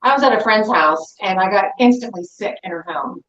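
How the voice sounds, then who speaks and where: A middle-aged woman, a guest, telling a story in an animated, lively way over a video call. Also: medium pitch, a little fast, echoey room, lo-fi sound. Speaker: guest, crystal seller. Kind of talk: casual storytelling chat.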